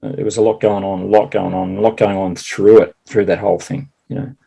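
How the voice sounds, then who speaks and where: A man talking in a casual conversation, halting with many restarts and laughing often. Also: lowish voice, little pitch movement, creaky, mellow, breathy edge, poor audio. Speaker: guest.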